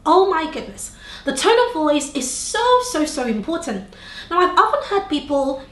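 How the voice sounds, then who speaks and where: Animated high-voiced woman coaching on camera. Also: normal speed, echoey room. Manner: animated, varies tone and pace on purpose, asks viewers questions. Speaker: video presentation coach. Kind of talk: on-camera teaching tips. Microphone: camera facing speaker.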